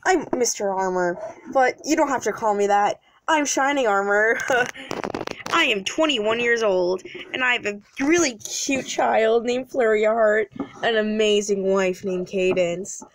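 A woman's voice: mid-range voice, unhurried, slight background noise, natural voice, rough recording. A woman voicing a cheerful young husband and doting dad who talks eagerly and giggles.

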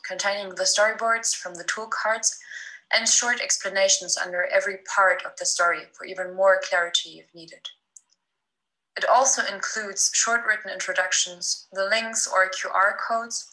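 Bright-voiced woman presenting a design project. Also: mid-range voice, low-quality recording. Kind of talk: scripted presentation narration.

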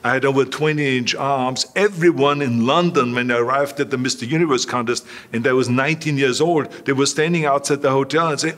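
An older Austrian man, a guest in a relaxed interview, tells animated stories in a brisk, mid-range voice with few pauses. He acts out the voices of the people he quotes.

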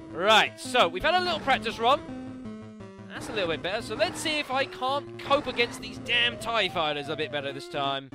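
A man commentating a video game, excitable and self-mocking, yelling at the enemies. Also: high-pitched, normal speed. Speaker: let's play commentator. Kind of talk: gaming commentary. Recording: game music behind the voice.

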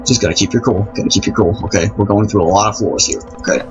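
A fast-talking man with a fairly low voice gives fretful commentary while playing a horror game at night at home. He rambles, repeats himself and keeps apologizing, heard through a dull lo-fi recording over game music.

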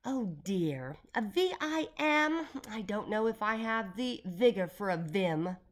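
A woman voicing a playful, eccentric billionaire man who jokes and puns in a loud, bouncy way. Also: medium pitch, lively intonation, slow pace.

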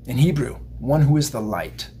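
A man's voice: mid-range voice, animated, moderate pace, dark tone, slight background noise. Rambling man reading tarot cards. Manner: rambling, chatty, addresses viewers directly. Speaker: tarot card reader. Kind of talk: casual spiritual tarot reading to camera.

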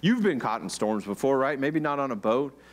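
An American man preaching a sermon as pastor, in a relaxed, conversational way, often asking his congregation questions. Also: medium pitch, normal speed. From United States. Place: church.

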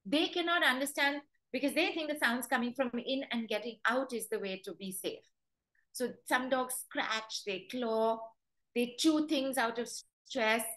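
Woman, dog trainer, fairly high-pitched, webinar talk, lively storytelling, quotes dogs' thoughts. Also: measured pace, poor audio.

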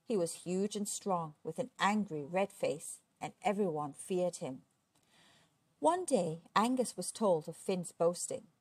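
A woman's voice: fairly low pitch, expressive, measured pace, slightly rough, no echo. Woman reading a children's book aloud. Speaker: storyteller.

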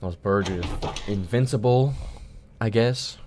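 Deep-voiced guy muttering and cussing through a game, keyboard clicks going behind him. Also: measured pace, noisy background. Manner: swears a lot, frustrated muttering at the game. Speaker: gaming channel host. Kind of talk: casual gameplay commentary.

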